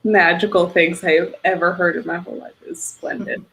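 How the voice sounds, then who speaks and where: A woman's voice: fairly low pitch, steady tone, fairly quick, creaky, fairly bright tone, low-quality recording. A woman who is a guest on a stream, chatting casually and telling playful stories while she laughs. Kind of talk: casual chat.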